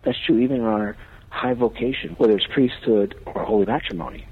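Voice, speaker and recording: Husky-voiced priest on phone-line radio. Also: male voice, mid-range voice, brisk. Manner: earnest, preaching cadence. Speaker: priest and radio show guest. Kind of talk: radio talk show discussion.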